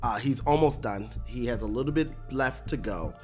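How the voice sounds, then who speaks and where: A host giving a casual, animated breakdown of a TV episode, laughing often and acting out lines. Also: medium pitch, moderate pace, soft background music. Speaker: show recap host.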